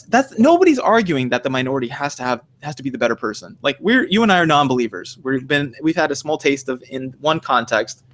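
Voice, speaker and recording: A man's voice: mid-range voice, a bit bright. A man co-hosting a casual podcast discussion, rambling, swearing freely and acting out the arguments he quotes. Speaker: podcast co-host.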